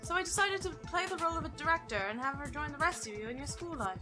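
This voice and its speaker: Smug, theatrical villainess schoolgirl, high and clear, voiced by a woman, over faint game music. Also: animated, quick pace. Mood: smug lecturing. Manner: condescending, theatrical and cruel. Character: haughty teen girl mastermind, lecturing like a teacher. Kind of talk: fan voice-acting over a game.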